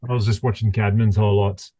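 A man's voice: lowish voice, little pitch movement, brisk, dark tone, no echo. A man co-hosting a podcast, laid-back and casually swearing. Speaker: podcast co-host. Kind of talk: casual chat.

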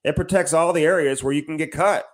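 A man's voice: a little high, fast. A man co-hosting a podcast, chatting casually and reading sponsor ads, often tacking on "man". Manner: breezy, says "man" a lot. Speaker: podcast co-host. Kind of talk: casual podcast chat and ad reads.

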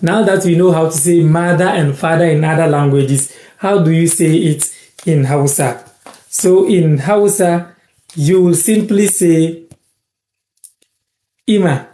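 Man teaching on a live stream, slow deliberate pace, repeats words, echoey room. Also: a little high, mellow. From Ghana. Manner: repeats words slowly, thanks viewers by name. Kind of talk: casual live-stream lesson.

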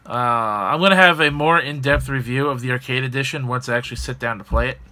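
A man's voice: mid-range voice, fast talker, sharp tone. Rambling man hosting a gaming podcast. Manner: rambling, filler-heavy, joking. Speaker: podcast host. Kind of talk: casual gaming news chat.

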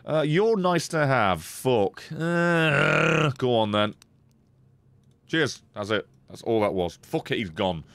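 A man's voice: mid-range voice, slow, vocal fry, no room sound. A man gives sweary, casual commentary while streaming a card game and chatting to viewers. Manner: sweary, animated, talks to chat. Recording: faint music behind.

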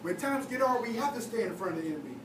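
A man's voice: high voice, big pitch swings, very fast, a bit bright. A young man, a youth leader, preaching a sermon in a casual, conversational way with lots of fillers. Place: church hall. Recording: echoey church hall, taped from far off with noise.

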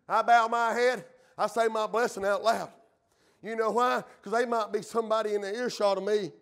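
Male pastor, very high voice, fiery sermon full of "amen" and "uh". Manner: emphatic preaching with frequent "uh" and "amen". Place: church sanctuary.

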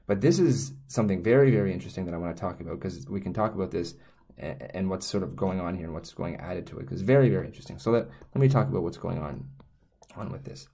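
Talking quickly and expressively, with vocal fry and a low, warm tone, a man teaches about Korean signs casually. The teacher keeps wandering into tangents, restarting and self-correcting as he goes.

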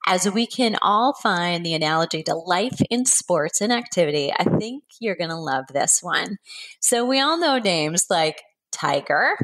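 A woman's voice: on the low side, expressive, measured pace, fairly bright tone, rough recording. A woman hosting an interview podcast, upbeat and encouraging toward her guest. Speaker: podcast host.

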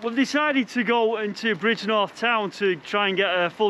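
A man's voice: high voice, moderate pace, background noise. A man from Manchester, chatting enthusiastically through a casual travel vlog. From Manchester, England. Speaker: vlogger.

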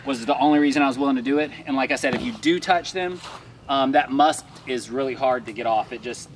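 Man, casual farm vlogger, laid-back chatty voice, outdoor camera audio with steady background noise. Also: mid-range voice, low-quality recording. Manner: laid-back, chatty, talks to the snake while handling it. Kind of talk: casual outdoor vlog narration.

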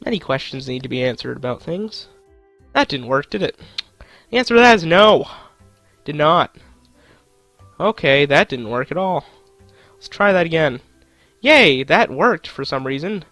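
A man's voice: on the high side, big pitch swings, normal speed, pauses often, sharp tone, no room sound, faint music behind. A young man commentating his own gameplay, joking to himself and swearing at the game. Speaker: gaming channel host.

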